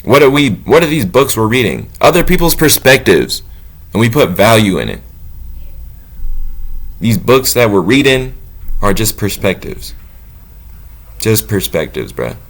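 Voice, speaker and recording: A man talking off the cuff about faith and self-trust, blunt and profane, swinging between low musing and loud preaching. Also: very animated, a little slow, long pauses. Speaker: motivational talker. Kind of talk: unscripted spiritual monologue.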